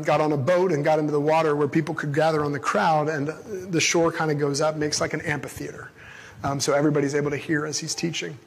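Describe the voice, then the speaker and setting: A pastor with a fairly high, slightly rough voice preaches a casual, conversational sermon, reading a Bible passage and then retelling it in everyday language. His microphone is amplified through a sound system, and a long reverb fills the large hall.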